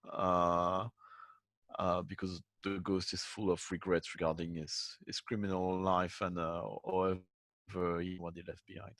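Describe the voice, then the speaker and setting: Hesitant low-voiced man playing a tabletop game. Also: a bit bright, dry recording. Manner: hesitant, restarts and fillers. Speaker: player.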